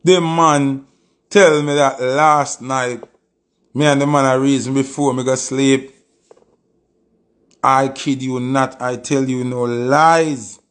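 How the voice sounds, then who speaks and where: A man's voice: medium pitch, fairly even intonation, slow pace, long pauses, fairly bright tone. Emphatic Jamaican man on a live stream. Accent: Jamaican Patois. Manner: emphatic storytelling, repeated oaths. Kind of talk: casual live-stream monologue.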